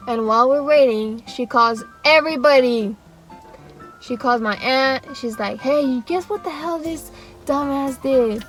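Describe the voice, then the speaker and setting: A young woman tells a storytime in a rambling, animated way, acting out what everyone said. Her voice sits a little high, with soft music under it. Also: unhurried, low-quality recording. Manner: rambling and animated, with laughs and acted-out quotes. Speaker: vlogger. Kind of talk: casual storytime.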